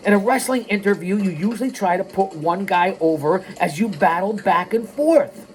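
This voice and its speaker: A man hosting a storytelling show, reading in the first person and breaking into animated tangents. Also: high voice, moderate pace. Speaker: host.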